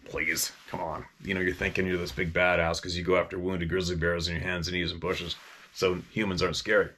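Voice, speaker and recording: A middle-aged man tells stories in a casual, rambling way. His voice sits on the low side, and he swears freely and restarts sentences midway. He talks like a hunting guide spinning yarns. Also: level tone, quick pace, bright, forceful tone, a little hiss or hum. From Vancouver Island, Canada. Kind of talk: casual storytelling.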